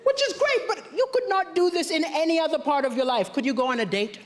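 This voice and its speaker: A man's voice: extremely high pitch, expressive, fast talker. A man from Malawi doing a stand-up comedy routine on a theatre stage, with punchy setups and dry punchlines. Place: large theatre stage before a live audience. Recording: live stage show with roaring audience laughter and applause.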